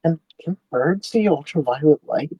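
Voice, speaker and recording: A man's voice: fairly high pitch, expressive, normal speed, slightly rough, dry recording, lo-fi sound. A man playing in a tabletop game, easygoing and wondering aloud. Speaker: player.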